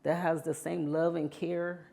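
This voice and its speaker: A woman with a low voice tells her own story in an interview. She speaks from the heart and keeps adding "you know" as she goes. She gets lively when she recalls past moments. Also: measured pace, creaky. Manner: grows animated when reliving past moments. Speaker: interview guest. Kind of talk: personal testimony interview.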